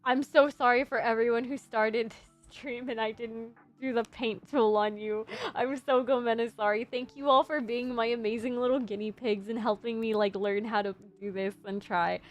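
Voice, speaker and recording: A woman's voice: fairly high pitch, steady tone, normal speed, soft background music. A young adult woman streaming casually as a VTuber, rambling and giggling while reviewing designs. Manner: rambling, giggly, self-deprecating. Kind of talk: casual livestream chat.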